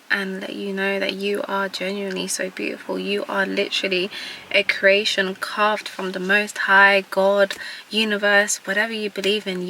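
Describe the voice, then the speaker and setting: A woman in her twenties speaks earnestly in a reflective vlog, fighting back tears. Her voice is bright with a gravelly edge. A faint hiss sits behind her. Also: medium pitch, rough recording. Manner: earnest and encouraging. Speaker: vlogger.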